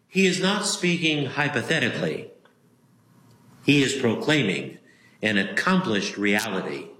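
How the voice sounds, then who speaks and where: A man preaching a sermon as a pastor, slow and emphatic, leaning on single words with long pauses. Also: medium pitch, very animated, sharp tone, reverberant, poor audio.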